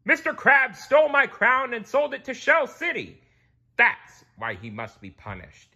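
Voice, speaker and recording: A man voicing a pompous, haughty old sea king in a storybook reading, booming and stern. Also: very animated, unhurried, sharp tone, husky, highs cut off, exaggerated voice. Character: pompous vain sea king, male, older.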